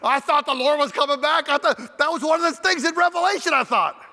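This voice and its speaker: A man preaching a storytelling sermon in an animated, joking way, acting out the people in his stories, recorded with echoey hall reverb in a large hall. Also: extremely high pitch, brisk.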